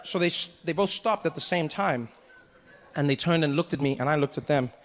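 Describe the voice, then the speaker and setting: A stand-up comedian, male, performs a story for a live audience on a comedy stage, speaking into a handheld mic. His voice runs on the high side and fairly quick, and he brings the story's characters to life with animated impressions.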